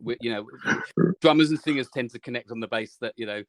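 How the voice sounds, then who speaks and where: English male musician guest, chatty storyteller, middle-pitched voice. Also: fast talker, crowd noise. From England. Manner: rambling, lively anecdotes with many restarts. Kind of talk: storytelling in interview.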